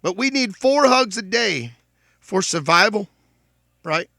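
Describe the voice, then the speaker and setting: A man's voice: sits high, expressive, takes it slowly, creaky, pushed and bright, no echo, clean studio sound. A man hosting his own show, talking earnestly to his listeners in a heartfelt solo monologue, often repeating himself. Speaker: podcast host.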